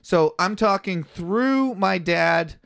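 Animated swearing male podcast host. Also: high-pitched, slow pace, creaky, clean tone, dry recording, studio quality. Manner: excitable, swearing, animated storyteller. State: sore tongue, slightly mumbly. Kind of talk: casual chat.

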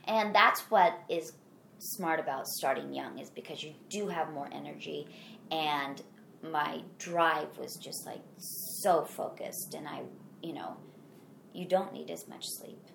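Low, gravelly Midwestern woman in an echoey room. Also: unhurried, fairly bright tone, slight background noise. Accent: Midwestern American. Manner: earnest, rambling with many restarts. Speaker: actor guest. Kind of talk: conversational interview.

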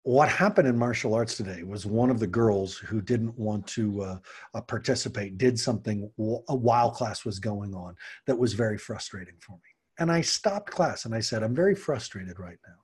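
Man, middle-aged, husky, podcast host, earnest coaching tone, acts out quotes. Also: on the low side, moderate pace, darkish tone. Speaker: podcast host, parenting coach and martial arts teacher. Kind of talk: podcast monologue.

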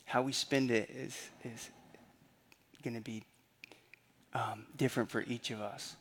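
A man's voice: medium pitch, fairly even intonation, a little slow, a bit bright, slightly rough. A man preaching a sermon in a conversational way, often repeating phrases and asking rhetorical questions. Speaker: pastor.

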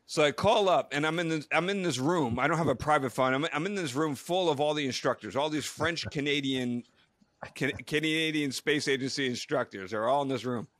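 A man's voice: on the high side, a little fast, no echo. A middle-aged man, a retired astronaut and co-host, telling stories animatedly in a casual podcast chat. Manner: animated storyteller, acts out quotes.

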